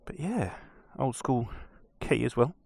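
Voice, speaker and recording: A man with an English accent riding a motorbike and chatting to camera in a relaxed, self-deprecating way. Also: medium pitch, unhurried, creaky, dry recording, clean studio sound. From England. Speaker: motorcycle vlogger. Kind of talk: casual vlog commentary. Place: outdoors, on a motorbike on country roads. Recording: noisy outdoor motorbike recording.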